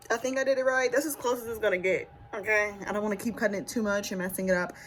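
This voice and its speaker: Rapid-fire and steady, her medium-pitched, fairly bright voice carries a beauty vlogger's nervous self-talk to her viewers in a casual home vlog. It's captured by a nearby camera with slight background noise.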